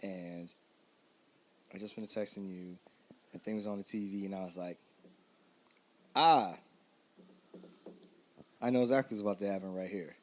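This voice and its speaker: Low-voiced man, laughing podcast co-host. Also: steady tone, quick pace, pauses often, darkish tone, slight background noise. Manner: laughs often, rambling storyteller. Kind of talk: casual chat.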